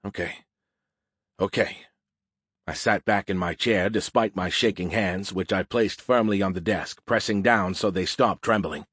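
A man's voice: sits low, normal speed, few pauses, a bit bright, breathy edge, no echo. A man narrating a first-person audiobook in a plain, casual, dry manner.

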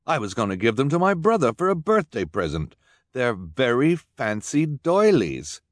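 A man's voice: mid-range voice, big pitch swings, moderate pace, no room sound, studio quality, voice pushed up, lightly acted. A man voicing a prim, fussy male bidder in a suit.

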